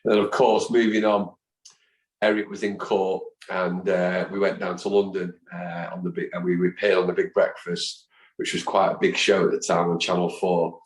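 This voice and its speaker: A middle-aged man, telling lively, animated anecdotes as a guest in a conversation. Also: low voice, normal speed. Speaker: guest, football fan and chant songwriter. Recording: roomy echo.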